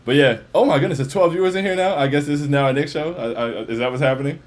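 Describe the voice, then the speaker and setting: A man's voice: a little high, very fast. A man hosting a livestream in casual, slangy chat, repeating phrases as he talks. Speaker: livestream host.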